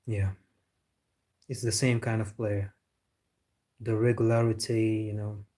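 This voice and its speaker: A man talks football on a live stream, reacting to viewers' comments and giving firm opinions. His voice sits low and he keeps an even, flat tone, with some slightly non-native phrasing in his casual talk. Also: unhurried. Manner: opinionated, replying to chat.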